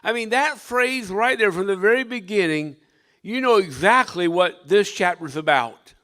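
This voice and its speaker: An older man, a pastor, delivering a sermon with dynamic preaching that swings from loud emphasis to hushed tones. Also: sits high, animated, normal speed, no room sound.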